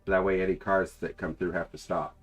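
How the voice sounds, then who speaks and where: A man playing a tabletop game, speaking in a calm, plain-spoken way. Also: low-pitched, a little fast, dull audio, faint music behind. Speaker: player. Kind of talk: casual tabletop play.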